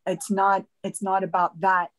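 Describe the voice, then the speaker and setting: A woman student thanking her teacher, speaking hesitantly with pauses and fillers. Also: medium pitch, level tone, rough recording. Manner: hesitant, grateful, halting with fillers. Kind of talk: question in class.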